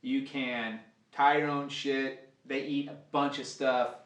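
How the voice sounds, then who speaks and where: A man's voice: medium pitch, level tone, slow pace, fairly bright tone, slight background noise. A man giving a casual, profane live fly-tying demo, rambling and joking as he works. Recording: roomy sound, mic at a distance.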